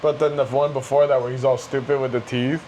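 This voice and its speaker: A man in a casual podcast chat, playful and quick to laugh. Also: medium pitch, highs cut off, a little hiss or hum. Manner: playful, laughs often, animated.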